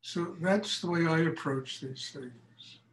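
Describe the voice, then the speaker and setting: A man's voice: a little high, slow, reverberant, a little hiss or hum, poor audio. An older man, a meditation teacher, speaking frankly and telling stories in a lecture and question session after a class. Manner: frank, animated storytelling.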